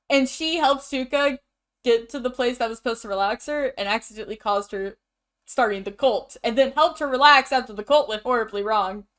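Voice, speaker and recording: A woman's voice: on the high side, moderate pace, fairly bright tone. A young woman co-hosting a podcast, talking casually and animatedly, laughing often and acting out quotes. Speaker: podcast co-host. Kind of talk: casual chat.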